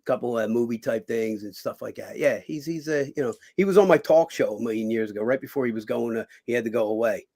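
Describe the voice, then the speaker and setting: Man, middle-aged, gravelly, animated storyteller, swears often. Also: mid-range voice, fast, few pauses. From Philadelphia. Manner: animated, swears a lot, acts out quoted voices. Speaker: guest. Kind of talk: casual storytelling.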